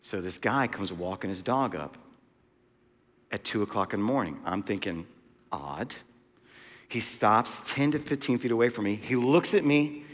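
A man's voice: on the low side, normal speed. A man preaching a sermon in a church hall, telling a story with lots of casual asides. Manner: conversational storytelling with frequent asides. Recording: long hall reverb.

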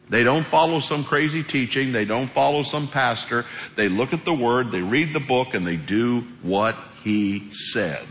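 A male pastor preaching a sermon in a church sanctuary. He speaks in a colloquial, animated way and acts out the voices he quotes. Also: medium pitch, unhurried, few pauses. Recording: echoey hall reverb.

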